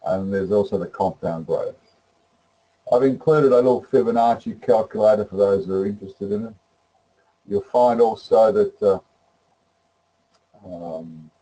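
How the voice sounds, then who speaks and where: A man presenting a webinar that walks through trading software, rambling with many fillers and restarts. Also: lowish voice, muffled recording. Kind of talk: live webinar demonstration.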